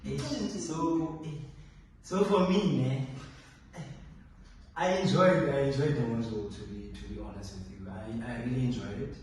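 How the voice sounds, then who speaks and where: A man's voice: medium pitch, moderate pace, slight background noise. A young man, a medical student talking casually with lots of exclamations. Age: young adult. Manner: exclamatory, animated casual talk. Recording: echoey room, distant mic.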